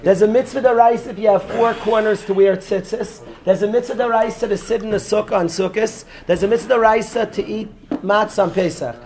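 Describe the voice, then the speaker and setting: A man teaching as a rabbi in a lively class lecture, repeating phrases and calling on students by name. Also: sits high, brisk.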